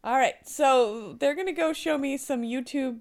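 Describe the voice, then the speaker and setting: Woman podcast host, slightly high, laughs a lot, playful banter. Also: normal speed, darkish tone. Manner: bubbly, laughs often, teasing. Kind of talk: casual chat.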